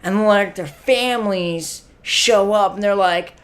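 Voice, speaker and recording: A man's voice: sits high, takes it slowly, a bit bright. An actor playing a clueless, spaced-out young stoner who hosts a comic web show. He drawls through a filler-heavy monologue and keeps tacking "man" onto his phrases. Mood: laid-back. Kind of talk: comedy sketch monologue.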